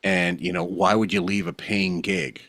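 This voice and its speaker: Deep-voiced man in wry podcast chat. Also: fairly even intonation, moderate pace, creaky, a bit bright, dry recording, clean studio sound. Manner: wry, opinionated, laughs often. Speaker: podcast host. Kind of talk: casual podcast commentary.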